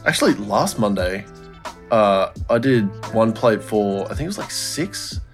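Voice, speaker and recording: A man's voice: fairly low pitch, sing-song, unhurried, soft background music. A young man co-hosting a casual podcast, telling a story with lots of swearing and laughter. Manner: laughing storyteller, swears a lot, acts out gym yells. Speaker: podcast co-host. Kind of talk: casual chat.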